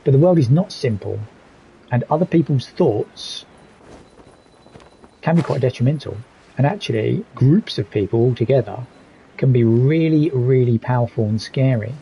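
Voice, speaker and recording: Gravelly guy streaming a game, mellow dark tone, chatting openly and reading chat out. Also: mid-range voice, expressive, moderate pace, poor audio. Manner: candid, reflective, reads chat aloud. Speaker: live streamer. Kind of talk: casual gaming stream commentary.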